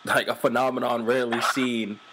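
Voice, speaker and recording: A man's voice: medium pitch, little pitch movement, a little fast. Casual male interviewer, faint background hiss. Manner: conversational, leans on "like" fillers. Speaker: interviewer, host.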